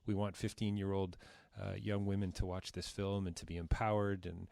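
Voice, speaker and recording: Deep-voiced male host, gushing and rambling, dry close sound. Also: level tone, normal speed, vocal fry, warm tone, no room sound. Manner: effusive, rambling, with many restarts. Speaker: interview host. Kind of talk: interview conversation.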